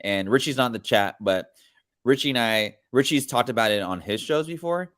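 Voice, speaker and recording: Another podcast host, this one with a mid-range, slightly bright voice, talks at a moderate pace with lively intonation. He keeps things casual and relaxed, wandering from point to point in slangy language.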